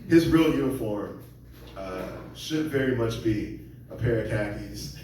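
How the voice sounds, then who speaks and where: A man's voice: lowish voice, animated, measured pace, a little mellow, a little hiss or hum. A man doing a rambling, self-deprecating stand-up set on a comedy club stage, slipping into voices for the people he quotes. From Seattle area. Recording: very echoey room, mic at a distance.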